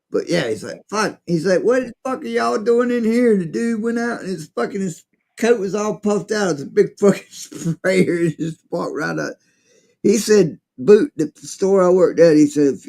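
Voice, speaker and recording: In casual chat, a man tells a rambling, profane story and acts out what people said. His voice is a little high with a dark tone.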